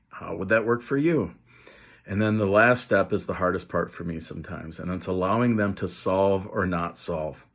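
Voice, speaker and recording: A man in his fifties, an educator teaching parents and teachers in a conversational way, acting out sample lines as he goes. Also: fairly low pitch. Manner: conversational, explains with acted example lines. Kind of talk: teaching video to camera.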